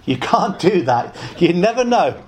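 Man, preacher, evangelistic sermon, earnest, pleading, slightly high voice. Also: sing-song, unhurried. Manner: earnest, pleading, rising on emphasis and dropping soft.

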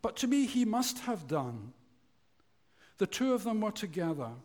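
Man, sermon, lively swooping pitch, slightly high voice, phrase ends sinking soft. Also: measured pace. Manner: lively, falls low and quiet at phrase ends; tells a joke story acting out voices. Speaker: preacher.

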